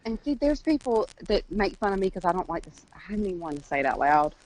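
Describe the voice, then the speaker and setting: A woman's voice: on the low side, very animated, fast, a little mellow, low-quality recording. A woman co-hosting a podcast, chatting casually and squeamishly, often breaking into giggles. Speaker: podcast co-host. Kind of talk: casual chat.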